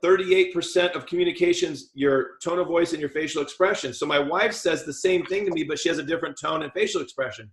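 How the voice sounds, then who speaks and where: A man coaching a dental team on talking with patients, lively and joking, acting out what a patient would hear. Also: on the high side, quick pace, few pauses. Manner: lively, jokey, acts out patient talk. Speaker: practice coach. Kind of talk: team training talk. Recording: echoey room.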